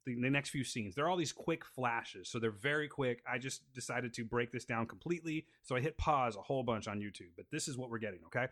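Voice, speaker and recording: A man's voice: mid-range voice, fairly quick, few pauses, a bit bright. A man hosting a casual podcast who jokes and rambles as he breaks down scenes from a show. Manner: laid-back, joking, rambling. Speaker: podcast host. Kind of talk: casual chat and episode breakdown.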